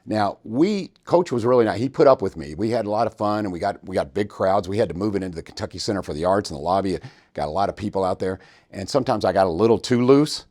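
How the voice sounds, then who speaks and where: Give me a fast, animated male podcast host with a fairly low voice telling a story. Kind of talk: storytelling interview.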